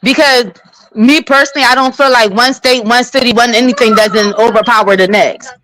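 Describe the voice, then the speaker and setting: Fast blunt Philly woman. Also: a little high, steady tone, over a noisy crowd, poor audio. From Philadelphia, USA. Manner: blunt, outspoken. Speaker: live chat participant, a mother. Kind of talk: heated casual chat.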